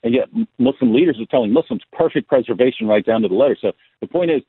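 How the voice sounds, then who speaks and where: A man's voice: medium pitch, animated, quick pace, breathy edge, dry recording. A man being interviewed as a guest, speaking bluntly and telling stories with frequent restarts. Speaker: guest apologist. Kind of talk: conversational interview answers. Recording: tinny phone line.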